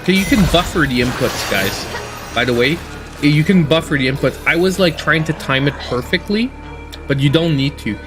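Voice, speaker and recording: A man hosting a gaming livestream who tells stories in a casual, animated way and laughs often while he plays. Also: fairly high pitch, normal speed, music in the background. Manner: animated storytelling, laughing often, mimicking voices. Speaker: gaming channel host.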